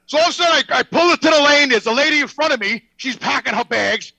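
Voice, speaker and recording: An older man telling a loud, swearing story on a podcast and acting out the other people in it. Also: very high-pitched, lively intonation, quick pace, vocal fry, no room sound, poor audio. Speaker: podcast regular. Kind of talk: profane storytelling.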